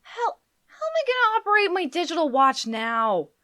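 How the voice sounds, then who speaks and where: Woman putting on a high, flustered Englishman. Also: wildly swooping pitch, unhurried, dry recording, studio quality, full character voice. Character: bewildered, flustered, panicky Englishman. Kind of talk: live book reading.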